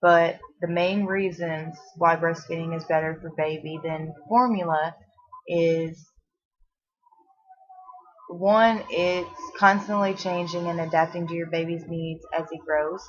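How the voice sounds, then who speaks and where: A woman's voice: fairly low pitch, fairly even intonation, unhurried. A pregnant woman in her twenties, short of breath, chatting casually in a rambling home vlog with lots of fillers and restarts. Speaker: vlogger. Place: at home, seated. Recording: dull lo-fi home video audio.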